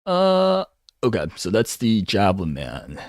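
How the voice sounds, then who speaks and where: Male commentator with a low voice and lively pitch swings. Unhurried and rambling, recorded dry. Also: dry recording. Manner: rambling, hums filler syllables while thinking. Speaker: manga commentator. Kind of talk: casual solo chapter breakdown.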